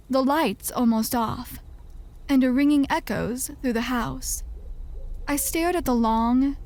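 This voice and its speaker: A woman reads a first-person horror story aloud in a slow, measured, scripted way. Her voice sits a bit high, and she lets each line hang. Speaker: story narrator.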